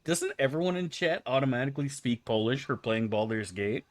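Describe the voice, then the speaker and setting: A man's voice: medium pitch, animated, fairly quick, a little hiss or hum. A man casually commenting on his gameplay for viewers, joking and crude. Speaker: streamer.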